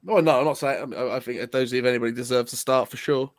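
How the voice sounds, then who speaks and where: A man's voice: mid-range voice, fairly even intonation, fast, no echo, clean studio sound. An English man co-hosting a football fan live stream, teasing his partner and often restarting his sentences. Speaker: co-host of a football fan show. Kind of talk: casual live-stream chat.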